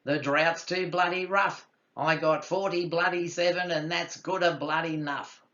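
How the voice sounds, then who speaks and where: A man's voice: fairly high pitch, steady tone, moderate pace, pushed and bright, muffled recording, pitched above the performer's own voice. A man voicing a laconic male kangaroo shooter at a bar who talks in an offhand drawl.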